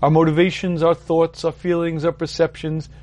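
A man delivering a Torah ethics class in a steady, explanatory way. His voice sits slightly high for a man, and he keeps clearing his throat between points. He repeats key words to press them home. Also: moderate pace. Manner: explanatory, leans on repetition for emphasis. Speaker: Torah teacher.

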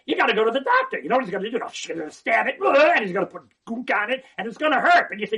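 A man giving an animated religious talk, swinging from hushed asides to near-shouting and often repeating words. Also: extremely high pitch, fast, hardly any pauses, slightly rough.

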